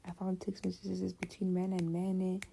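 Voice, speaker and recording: A woman's voice: fairly low pitch, moderate pace, gravelly, background noise. A woman telling a personal story in a casual, slangy, conversational way. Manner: slangy, conversational, animated retelling.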